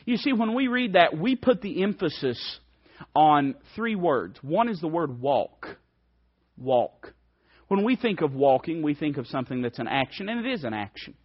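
A male preacher delivering a fervent sermon, swinging between loud emphasis and hushed, soft passages. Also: on the high side, big pitch swings, moderate pace, muffled recording.

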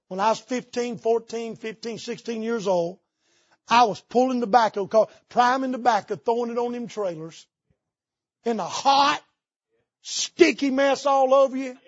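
A man preaches from the pulpit, spinning folksy stories. His voice sits high and a bit husky. The sound is dry and dull, with a muffled, lo-fi edge. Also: no room sound. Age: 50s. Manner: folksy storytelling with Southern idioms. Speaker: pastor. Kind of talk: sermon. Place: church sanctuary.

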